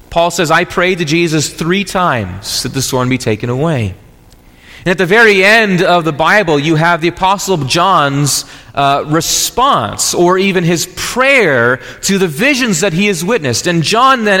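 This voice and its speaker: A man's voice: on the high side, pushed and bright, in a large hall. A man preaching a sermon as pastor, earnest and explanatory, often restarting phrases.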